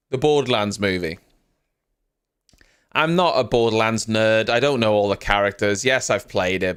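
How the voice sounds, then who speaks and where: A man's voice: lowish voice, fairly bright tone, clear, resonant tone. A man hosting a live stream, giving casual, rambling reaction commentary and often poking fun at himself. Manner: rambling, self-mocking, chatty.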